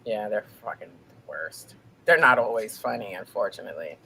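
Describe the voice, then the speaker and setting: Lively, bright-voiced woman in her forties. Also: a bass voice, moderate pace, vocal fry, a little hiss or hum, poor audio. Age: 40s. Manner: blunt, profane and laughing. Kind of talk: casual chat.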